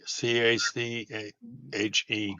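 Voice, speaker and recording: A man's voice: mid-range voice, flat delivery, takes it slowly, bright, forceful tone. A man co-hosting a morning live stream, chiming in with short clarifying remarks in casual chat. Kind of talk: brief interjections in casual chat.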